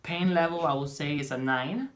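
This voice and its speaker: Woman, storytime vlog, low pitch, chatty, animated. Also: normal speed. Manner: chatty, animated, acts out dialogue. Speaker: vlogger.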